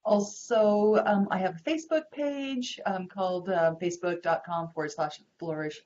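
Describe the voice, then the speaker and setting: A woman's voice: mid-range voice, normal speed, darkish tone, muffled recording, slight background noise. A woman co-hosting a live web show, telling a self-deprecating anecdote in a friendly, chatty way. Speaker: co-host, hypnotherapist. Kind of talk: casual storytelling chat.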